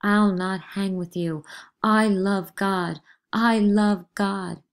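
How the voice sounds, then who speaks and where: A woman's voice: medium pitch, takes it slowly, creaky, darkish tone, voice pushed up. A woman reading a play aloud, voicing a frightened teenage girl accuser who sobs and pleads in panic. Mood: panicked. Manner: sobbing, breathless, pleading.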